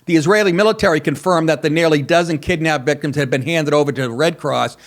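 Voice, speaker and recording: A man's voice: on the high side, quick pace. A man in his sixties hosting a comedy talk show, crude and sarcastic, often laughing at his own jokes. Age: 60s. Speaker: comedian podcast host.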